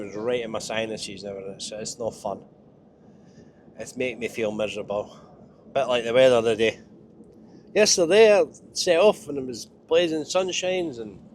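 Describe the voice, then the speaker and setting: Scottish man, stuffed-up nasal voice, chatty and wry, truck cab, faint road hum. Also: medium pitch. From Scotland. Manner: chatty, self-mocking, wry. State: head cold, nasal. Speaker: truck driver vlogger. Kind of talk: casual driving vlog.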